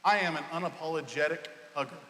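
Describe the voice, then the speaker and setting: A man preaching with passion and in a conversational way, often repeating himself. He has a high, bright voice. His sermon rings out through a large, echoey church hall. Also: fast. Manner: impassioned, conversational, repeating words. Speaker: pastor. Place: church sanctuary.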